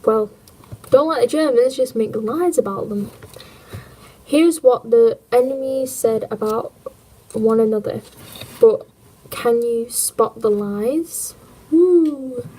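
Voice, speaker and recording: A woman reads history aloud on a livestream, breaking in with wry jokes and puns. Her voice sits fairly high, and she takes her time over each line. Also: takes it slowly, long pauses, mellow, slightly rough, low-quality recording. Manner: jokey, punning, wry asides.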